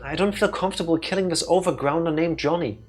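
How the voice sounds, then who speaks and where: A man reading a gentle worried female hybrid. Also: fairly high pitch, quick pace, soft background music, voice pushed up, close to an everyday voice.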